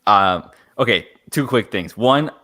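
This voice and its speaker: Low, bright-voiced young man, dry sound. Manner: animated, quick storytelling. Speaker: podcast co-host. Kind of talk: casual chat.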